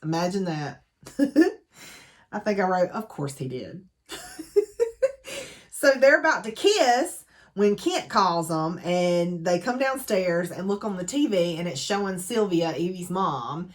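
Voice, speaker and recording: A woman's voice: fairly low pitch, expressive, measured pace. A woman gives a casual, chatty book recap full of dramatic asides. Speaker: book reviewer.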